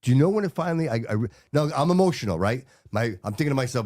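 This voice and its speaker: A fifty-something man hosts a casual studio sit-down, telling his story with animated energy and calling out to his listeners. His voice sits at an ordinary middle pitch. The sound is dry and close. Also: very fast, hardly any pauses, no room sound. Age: 50s. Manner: animated storyteller, addresses audience as guys. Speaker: podcast host. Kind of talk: casual interview chat.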